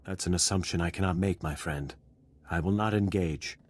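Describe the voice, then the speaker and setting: An actor playing a thoughtful male Jedi Knight in a video game, who speaks in a measured, earnest way. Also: deep voice.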